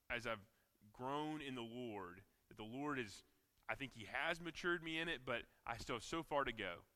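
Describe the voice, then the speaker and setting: Southern male pastor, bright tense delivery, sermon in a reverberant church hall. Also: medium pitch. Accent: American Southern. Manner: earnest preaching with repeated phrases and restarts. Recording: long reverb of a large hall.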